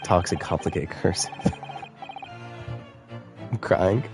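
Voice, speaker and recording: A man streaming a video game, reading its dialogue aloud and joking with his chat in casual commentary. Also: sits low. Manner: joking, laughs often, mixes read lines with chat banter. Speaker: let's-play streamer.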